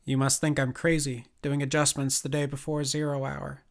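A man voicing a small, nonchalant woman engineer who talks in a flat monotone. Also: extremely low pitch, moderate pace, gravelly. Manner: deadpan, detached.

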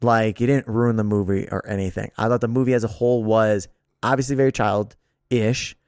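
A man's voice: on the low side, fairly even intonation, brisk, a little mellow, smooth, no room sound. Rambling man on a dry mic. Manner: rambling, restarts often, laughs and swears a lot. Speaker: podcast co-host. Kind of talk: casual chat.

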